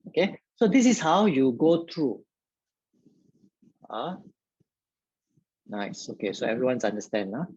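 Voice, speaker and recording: A man's voice: medium pitch, a little mellow, slightly rough, no echo, highs cut off. A man tutoring biology in a live online lesson, talking straight to his viewers and filling his speech with "okay".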